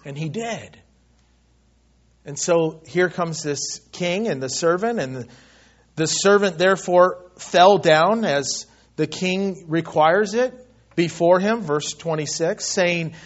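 A high-pitched male preacher delivering a sermon, his voice climbing loud as he reads and acts out scripture, then dropping to a near hush to press his point. The recording sounds dull and lo-fi. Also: lively intonation, slow pace. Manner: preaching with big swings from loud pleading to soft hushed lines. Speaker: pastor.

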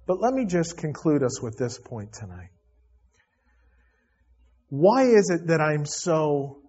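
A man's voice: medium pitch, darkish tone, husky, dull audio. A man preaching a sermon to his church, earnest and emphatic, often repeating himself and restarting phrases. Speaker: pastor.

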